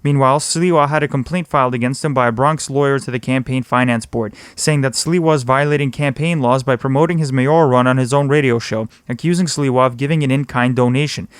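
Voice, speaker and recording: A man hosting a news podcast, reading a scripted roundup of the week's local news in a brisk, steady delivery. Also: mid-range voice, clear, resonant tone, dry recording.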